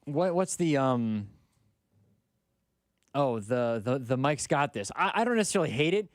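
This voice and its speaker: A man on a sports radio show, chatting casually in a lively, halting way with frequent restarts. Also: medium pitch, no room sound, studio quality.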